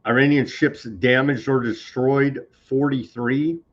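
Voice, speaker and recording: A man's voice: mid-range voice, steady tone, slow pace. A man hosting a live news show, reading posts aloud and commenting with sarcasm and indignation. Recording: slightly dull lo-fi sound.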